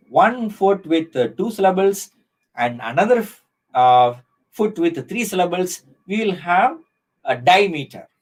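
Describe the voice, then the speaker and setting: A man teaches poetry in a live online session. His voice sits a little high, and he works through each point slowly with many "uh"s and restarts. The delivery is patient and explanatory. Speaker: professor.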